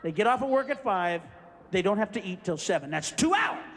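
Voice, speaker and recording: A comedian playing scheming male bar owners plotting a happy-hour promotion in a low, conspiratorial tone. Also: lively intonation, a little fast, fairly bright tone, in a large hall, slight background noise.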